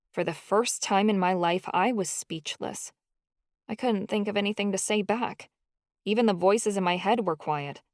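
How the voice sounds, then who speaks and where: A woman narrating a first-person audiobook in an expressive, emotional storytelling style. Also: lowish voice, no echo, studio quality.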